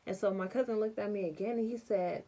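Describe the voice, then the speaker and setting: A young adult woman telling a personal story in a casual vlog, animated and full of slang. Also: medium pitch, quick pace. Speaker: vlogger.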